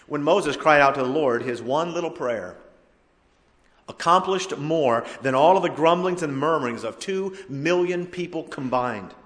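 A man preaching a sermon as pastor, with dynamic delivery that swells to loud emphatic cries and drops to quiet, low lines. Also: lively intonation, unhurried, in a large hall.

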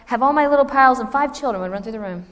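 A woman preaching to a women's gathering, telling a personal story with lively acted-out dialogue and self-mocking humor, then reading scripture. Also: high-pitched, racing, in a large hall.

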